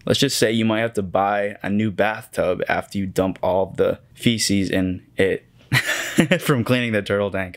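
A young man from Michigan, a vlogger and actor, chatting casually to camera in a self-deprecating way and laughing often. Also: fairly low pitch. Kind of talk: casual vlog chat to camera.

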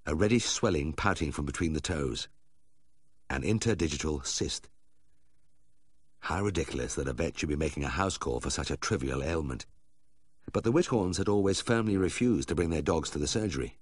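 A man's voice: rumbling low, lively intonation, moderate pace, pauses often, husky, no room sound. A man narrating an audiobook in a dry, wry storytelling manner. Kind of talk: scripted narration.

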